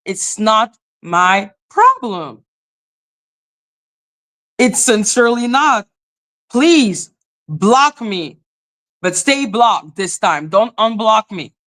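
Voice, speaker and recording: A woman with as her ranting bluntly on a live stream, swearing freely, dropping to flat mutters and jumping to high exclaims. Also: very slow, pauses often. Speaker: livestream host. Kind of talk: casual live-stream rant.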